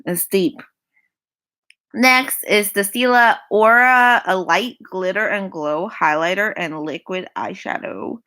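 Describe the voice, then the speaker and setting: A woman's voice: medium pitch, slow, sharp tone. A young woman in her twenties casually chatting through a makeup wishlist, repeating herself, sighing and laughing between items. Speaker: makeup vlogger. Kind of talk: casual product rundown.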